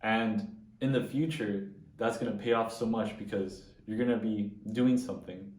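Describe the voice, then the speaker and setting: A young man giving a heartfelt thank-you to a family he babysits for, earnest and animated. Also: lowish voice, normal speed, roomy sound, distant mic, rough recording. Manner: earnest and animated, acts out quoted exchanges. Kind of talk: heartfelt personal tribute.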